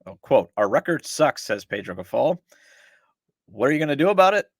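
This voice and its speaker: Male podcast host, middle-aged, exasperated sarcastic rant, mid-pitched, dry close sound. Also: sing-song, brisk, no echo. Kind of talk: opinionated sports talk.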